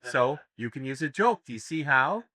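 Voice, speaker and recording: A man's voice: medium pitch, lively intonation, normal speed, bright, forceful tone, no room sound. Dry-sounding man telling seminar jokes. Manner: storytelling, laughs at own jokes, crude humor. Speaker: seminar speaker. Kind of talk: live seminar talk with jokes. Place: seminar room with audience.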